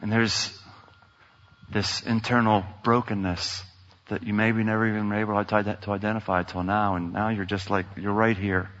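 Preacher in a big echoing hall. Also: male voice, lowish voice, level tone, moderate pace, slight background noise. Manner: dramatic, swings from shouting to near whisper. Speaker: pastor. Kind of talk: sermon. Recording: dull sound in a large reverberant hall.

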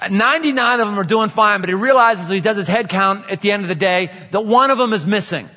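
A male pastor with a bright, fairly high voice, preaching in a relaxed, storytelling way and circling back on his key phrases. The sound is dull and lo-fi, with a long echo from a large hall. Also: fast talker. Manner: conversational storytelling with repeated phrases. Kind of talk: sermon.

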